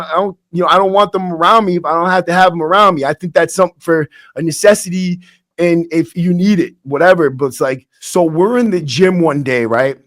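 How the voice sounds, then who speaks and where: This high-pitched man, whose tone is fairly bright, hosts a podcast and tells casual stories drawing on his time as a prisoner. He speaks bluntly and streetwise, saying "bro" often and restarting sentences. The recording is clean studio sound with no room sound and faint acoustic guitar behind.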